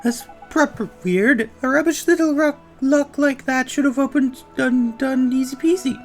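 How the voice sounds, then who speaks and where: A game player voicing a cheeky, excitable male fairy sidekick who talks in slang, reading game dialogue aloud. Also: high-pitched, normal speed, faint music behind.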